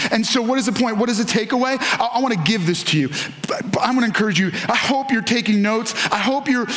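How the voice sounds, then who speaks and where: A man preaching a sermon as pastor, earnest and emphatic, slowing down to stress key lines and repeating them. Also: sits high, a bit bright. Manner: earnest, emphatic preaching with dramatic slowdowns and repetition.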